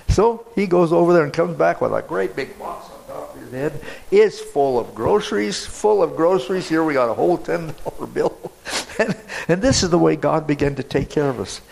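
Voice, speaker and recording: An older man, a missionary pastor, telling a testimony story in a rambling, halting way with many restarts. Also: fairly high pitch, vocal fry, darkish tone, poor audio.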